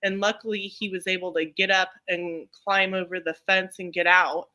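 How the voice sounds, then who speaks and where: A woman's voice: on the low side, flat delivery, moderate pace, pushed and bright. A middle-aged woman co-hosting a live stream, chatting casually and rambling with lots of ums and restarts. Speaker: co-host of a live chat stream. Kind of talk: casual chat.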